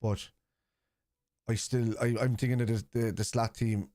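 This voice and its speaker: A man's voice: medium pitch, level tone, a little slow, warm tone, no room sound. Chatty man streaming a football watchalong. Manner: chatty, answers viewers' comments aloud. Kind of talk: casual live commentary, reading chat.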